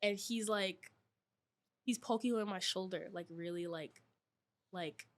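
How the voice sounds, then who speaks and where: A woman's voice: mid-range voice, measured pace. Twenties woman guest from New York, loose chatty storyteller. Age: 20s. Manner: chatty, many fillers, animated retelling. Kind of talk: casual chat, storytelling.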